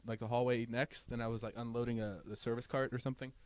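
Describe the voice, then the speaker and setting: A man's voice: medium pitch, flat delivery, fast talker, a little hiss or hum. A young man co-hosting a podcast, chatting casually and laughing often as he jokes around. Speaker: podcast co-host. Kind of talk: casual chat.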